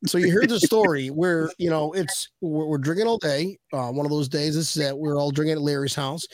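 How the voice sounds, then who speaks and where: A man's voice: on the high side, brisk, no echo. A man hosting a casual video-call chat show, telling rambling joking stories. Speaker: podcast host.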